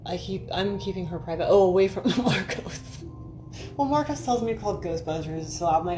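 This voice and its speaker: A woman's voice: deep voice, normal speed, long pauses. Woman, livestream host, rambling chatty stories, frequent swearing, faint music behind. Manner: rambling, profane, addresses viewers by name. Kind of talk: casual livestream chat and storytelling.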